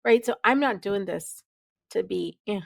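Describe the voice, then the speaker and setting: A woman's voice: medium pitch, measured pace, vocal fry, no room sound. A middle-aged woman with a Midwestern American accent, speaking candidly and reflectively as an interview guest, laughing easily and restarting her sentences. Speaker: podcast guest, physician leader. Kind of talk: conversational interview.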